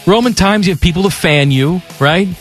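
A man's voice: high-pitched, brisk, faint music behind. A man co-hosting a radio show, reading listener questions aloud and teasing his partner in casual banter.

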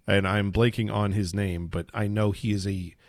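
A man co-hosting a podcast chats about soccer in a relaxed, joking manner, often trailing off and starting over. His voice is fairly low with fairly even intonation at a normal speed, and the recording is dry with clean studio sound.

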